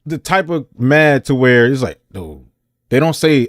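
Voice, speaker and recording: Animated man reacting, dry close voice. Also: medium pitch, a little slow, dry recording. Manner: animated, acts out voices when explaining. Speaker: reaction video host. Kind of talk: casual reaction commentary.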